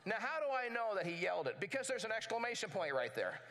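Male pastor, sermon, high bright voice, lively storyteller. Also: fast. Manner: animated storytelling, conversational.

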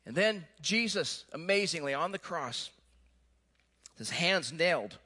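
Brief: male pastor, sermon, high-pitched and bright, animated storyteller. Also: a little slow, husky. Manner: animated storytelling, then quiet and earnest.

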